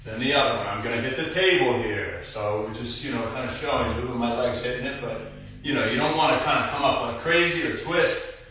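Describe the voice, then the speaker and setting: A young physical therapist hosts a casual live-stream exercise demo, coaching viewers directly through core moves. His medium-pitched voice is sharp and a little fast, picked up by a distant mic. The room is very echoey and he drifts off-mic at times.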